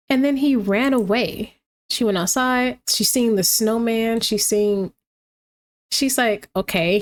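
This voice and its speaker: A woman casually commenting on her gameplay, chatty and lively, talking to the game characters as she goes. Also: fairly high pitch. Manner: chatty, reacts aloud, talks to the game characters.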